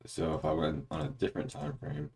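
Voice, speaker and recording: A man's voice: very deep voice, big pitch swings, fairly quick, creaky, a little mellow, breathy edge. A man casually talking through a trading chart breakdown early in the morning, rambling and correcting himself, with occasional hiccups. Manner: rambling, self-correcting, goes off on tangents.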